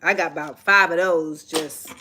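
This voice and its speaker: A woman hosting a live stream, chatting casually and telling a story in a sassy, animated way, acting out the dialogue. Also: sits low, moderate pace, a little hiss or hum. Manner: animated, sassy, acts out quoted exchanges. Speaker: livestream host.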